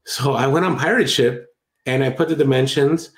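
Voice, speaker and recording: A man co-hosting a podcast chats casually at a middle pitch. He rambles and corrects himself mid-thought. His voice rings in an echoey room. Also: moderate pace. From Latin America. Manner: rambling, self-correcting, chatty. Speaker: podcast co-host. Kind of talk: casual chat about online selling.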